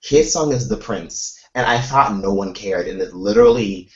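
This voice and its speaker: Animated man on an echoey distant call. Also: mid-range voice, moderate pace, gravelly, muffled recording. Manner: animated storytelling, excitable, lots of "like". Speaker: K-pop reaction YouTuber, live chat host. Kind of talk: casual chat.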